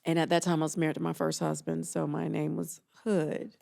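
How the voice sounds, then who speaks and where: A woman's voice: deep voice, flat delivery, a little fast, creaky, a little mellow. A woman from Atlanta, a therapist guest on a podcast, telling reflective stories in an earnest, emotional way. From Atlanta, Georgia. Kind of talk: casual interview chat.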